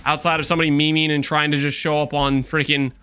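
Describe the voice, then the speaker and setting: A man's voice: fairly high pitch, little pitch movement, fast talker, pushed and bright, clear, resonant tone. A man streaming a game, chatting and joking with his chat while walking on a treadmill. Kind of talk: casual live-stream chat.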